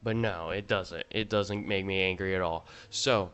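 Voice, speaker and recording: A man's voice: deep voice, fairly even intonation, moderate pace, hardly any pauses, fairly bright tone, smooth, muffled recording, soft background music. A man doing casual, self-mocking commentary as he ranks cards from a video game. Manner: joking, self-mocking, rambling. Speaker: YouTuber ranking game cards.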